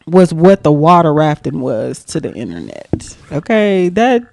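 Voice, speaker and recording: A young adult woman, a podcast guest, telling a story casually in an animated, profane way, laughing often. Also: low-pitched, a little slow, vocal fry.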